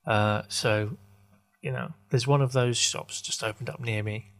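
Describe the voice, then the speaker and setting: A man muses aloud on his podcast in a loose, unscripted ramble. He stops and restarts often, hunting for words, and slips in dry asides. His voice sits at an everyday middle pitch for a man. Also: fairly even intonation. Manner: halting, full of fillers and self-corrections, wry. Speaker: podcast host. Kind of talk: rambling casual monologue.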